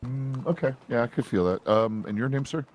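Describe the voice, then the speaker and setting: A man playing a veterinarian in a game roleplay, talking briskly and cursing casually. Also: medium pitch, darkish tone, a little hiss or hum. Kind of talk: in-character roleplay chat.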